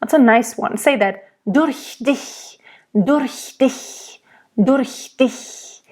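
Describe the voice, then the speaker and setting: A woman with a German accent leads a diction lesson for singers. Her voice sits fairly high, and she takes her time, saying each sound aloud before explaining it. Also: a little mellow. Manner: explains slowly, models pronunciation aloud. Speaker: singing teacher.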